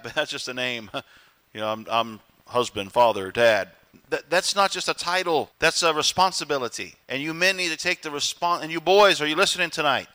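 Bright, lively preacher man. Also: on the high side. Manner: animated, acts out voices for emphasis. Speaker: pastor. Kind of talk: sermon.

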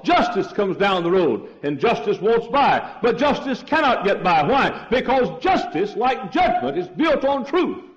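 A man preaching an old-fashioned sermon, repeating his points and rising to shouts on key words. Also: sits high. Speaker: pastor. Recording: dull lo-fi 1968 sermon tape.

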